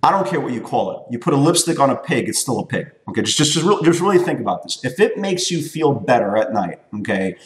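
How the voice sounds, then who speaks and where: A man in his forties talks through a trading lesson with emphatic, repetitive insistence, driving each point home and tagging lines with quick checks to the listener. His voice sits at an ordinary middle pitch. The recording carries a noticeable roomy echo. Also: sing-song. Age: 40s. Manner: emphatic, repeats points, tags lines with "okay?" and "right?". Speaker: trading educator. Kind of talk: weekly market recap talk.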